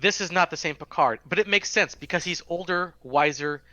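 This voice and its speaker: A man co-hosting a casual tech podcast remotely, eager and repeating words when excited. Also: fairly high pitch, brisk, dull audio. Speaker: podcast co-host.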